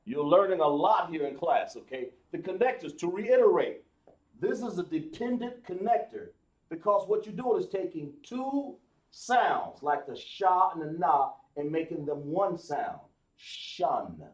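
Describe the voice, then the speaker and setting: A man teaching a live class, explaining slowly, with many fillers and restarts. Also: sits high, lively intonation, darkish tone, roomy sound. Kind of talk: live online class lesson.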